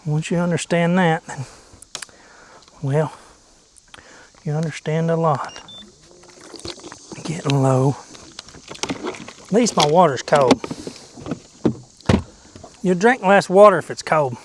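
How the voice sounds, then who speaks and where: A man with a drawl narrates his fishing trip from a boat, his voice pitched a little on the high side. He rambles in a silly, playful way, cracking jokes and sometimes whispering to himself. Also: takes it slowly, long pauses, noisy background. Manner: goofy, chatty, drops into whispers and silly sing-song noises. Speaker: fishing vlogger. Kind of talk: casual fishing commentary. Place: outdoors on a boat.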